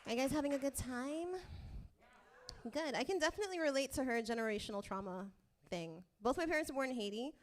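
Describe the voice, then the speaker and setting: A woman's voice: high-pitched, lively intonation, quick pace. A woman hosting a comedy show, chatting upbeat with the crowd and introducing the next act. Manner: upbeat, chatty, laughs between lines. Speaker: show host.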